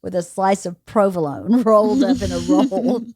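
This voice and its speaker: A woman's voice: medium pitch, slow pace, darkish tone, slightly rough, no room sound. A woman in her forties hosting a podcast, chatting casually and teasingly with her teenage daughter, sounding tired and yawning. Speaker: podcast host.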